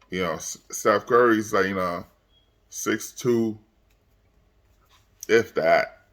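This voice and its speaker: Deep-voiced man rambling about a basketball game. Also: moderate pace. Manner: rambling, repeats words, frequent fillers; gets loud and high when worked up. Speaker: basketball commentator. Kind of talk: casual game reaction.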